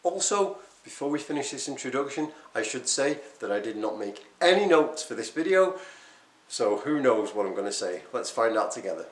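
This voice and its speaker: Animated man in an echoey room. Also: mid-range voice, normal speed. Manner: animated, emphatic, self-deprecating. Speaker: quit-smoking coach and vlogger. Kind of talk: unscripted talk to camera.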